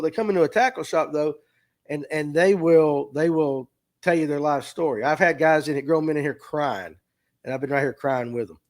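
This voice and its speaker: Guy hosting a fishing stream, kinda high voice, heartfelt and choked up, says stuff twice. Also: vocal fry. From US South. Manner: earnest, emotional, repeats himself, near tears. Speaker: tackle shop owner hosting a livestream. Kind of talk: heartfelt casual livestream talk. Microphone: streaming mic.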